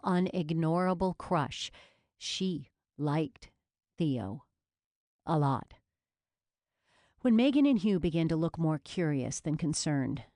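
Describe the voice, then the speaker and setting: A woman narrating a romance novel as an audiobook in measured storytelling. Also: low-pitched, mellow, no echo, studio quality.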